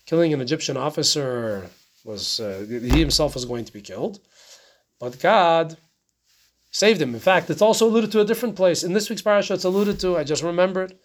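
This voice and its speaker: A man's voice: fairly high pitch, slight background noise. A man teaching a casual Torah class, talking conversationally, often asking rhetorical questions and checking in with "right?".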